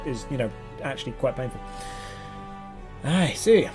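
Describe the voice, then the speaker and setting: A man streaming a game, chatting playfully with quick asides. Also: fairly high pitch, darkish tone, breathy edge, soft background music. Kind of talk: casual gameplay commentary.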